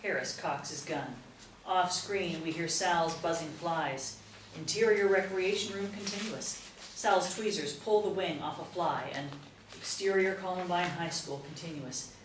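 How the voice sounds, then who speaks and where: A woman narrates stage directions in a crisp, matter-of-fact way. Her voice is low for a woman. She is heard from a distance in a roomy space, with a faint hiss underneath. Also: measured pace. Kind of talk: screenplay table read narration.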